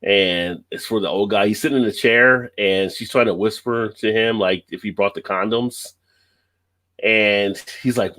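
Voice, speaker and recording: A man's voice: lowish voice, moderate pace, fairly bright tone. Easygoing man chatting on a live stream. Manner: easygoing, laughs often, tells stories at length. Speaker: livestream host. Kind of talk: casual chat on a live stream.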